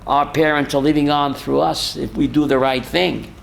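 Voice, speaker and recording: A man's voice: fairly high pitch, steady tone, normal speed, vocal fry, slight background noise. An older man, a rabbi, giving a holiday sermon who puts questions to the congregation and answers them himself, telling stories with emphatic swings. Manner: storytelling, swings from soft to emphatic.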